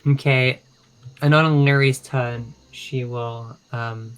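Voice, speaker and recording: A man's voice: mid-range voice, fairly even intonation, slow, clean tone, rough recording. A man playing a tabletop role-playing game, playfully describing his character's actions in third person. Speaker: player.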